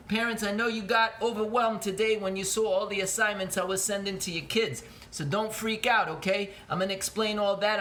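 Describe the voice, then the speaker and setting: Guy teacher with a high voice, goofy and chatty, cooking in his kitchen for the kids. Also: sharp tone, slight background noise. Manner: playful, chatty, speaks straight to the kids. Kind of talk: casual cooking demonstration for students. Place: home kitchen. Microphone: camera held by a cameraman.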